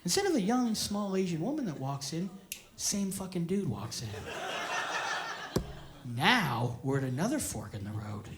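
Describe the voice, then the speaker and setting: A man, a stand-up comedian telling a story loudly and profanely on stage. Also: high-pitched, sing-song, normal speed, pauses often, background noise. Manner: loud, profane, often yelling. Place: theater stage before a live audience. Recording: live show with audience laughter.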